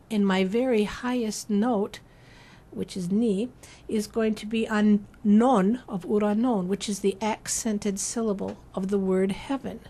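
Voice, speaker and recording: A woman's voice: mid-range voice, warm tone. A woman composer and translator of church chant, explaining her method carefully in an interview and stopping now and then to sing short chanted phrases. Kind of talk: explanatory interview talk with sung examples.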